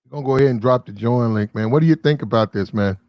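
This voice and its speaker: A man's voice: medium pitch, quick pace, darkish tone, dry recording. Man, livestream host, blunt and disbelieving, swears casually; dry, close sound. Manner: blunt, incredulous, swears freely. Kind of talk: casual commentary.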